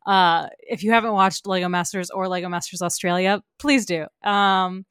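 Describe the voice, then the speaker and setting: A woman's voice: mid-range voice, steady tone, fairly bright tone, clean tone, dry recording, studio quality. Bubbly, laughing podcast woman. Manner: bubbly, gushing, quick laughs. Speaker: podcast co-host. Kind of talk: casual pop culture chat.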